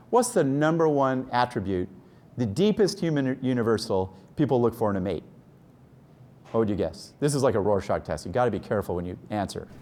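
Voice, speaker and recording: A man's voice: mid-range voice, darkish tone. A middle-aged man giving an enthusiastic, joking science lecture and quizzing the audience. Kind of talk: lively scientific talk. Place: lecture room.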